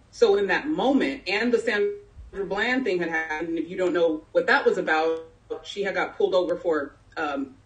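Speaking at a community town hall meeting, a middle-aged San Jose woman shares a personal story candidly and conversationally, with plenty of fillers. Her voice is lowish and she is far from the microphone.

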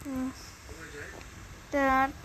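High, unhurried young woman gaming. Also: completely flat delivery, very noisy. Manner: chatty, easily flustered, talks to herself. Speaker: game streamer. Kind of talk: casual gameplay commentary.

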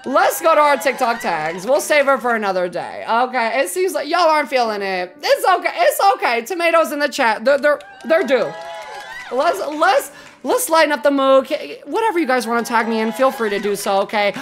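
A woman game streamer chatting casually while she plays, expressive, swearing freely and cooing affectionately to her viewers. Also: high voice, moderate pace. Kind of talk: casual live-stream chat while gaming.

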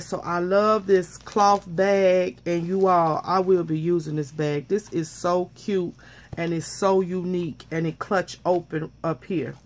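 Gushing woman vlogger, lowish voice. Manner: gushing, repeats "I love it"; excited, a bit flustered. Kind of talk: casual unboxing chat.

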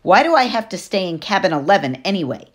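A woman's voice: medium pitch, very animated, fast talker, voice pushed up. A woman reading an audiobook, voicing a defensive twelve-year-old boy who pushes back with questions.

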